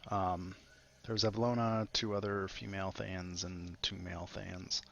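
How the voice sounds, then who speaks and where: A man's voice: sits low, flat delivery, a little slow, gravelly, a bit bright, lo-fi sound, a little hiss or hum. A man running a tabletop game as game master, narrating in a rambling way with many fillers.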